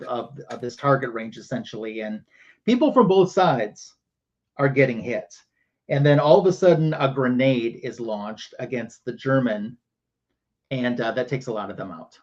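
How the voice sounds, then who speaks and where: A show host with a middle-pitched, darkish voice tells a comic book story to his livestream audience. His storytelling is loose and casual, full of ums and uhs, and the audio comes across slightly dull and lo-fi.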